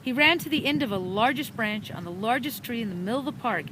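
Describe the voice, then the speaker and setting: A woman reading a children's storybook chapter aloud with an animated, dramatic delivery, recorded outdoors in a park. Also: a little high, quick pace. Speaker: storybook reader. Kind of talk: expressive storybook narration. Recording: outdoor park with traffic noise.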